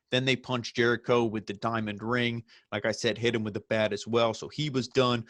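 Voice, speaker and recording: A man's voice: medium pitch, fairly bright tone, no room sound. A young man casually recapping and reviewing a wrestling show, rambling with lots of fillers and acted-out quotes. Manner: rambling, loose, with many fillers and quoted asides.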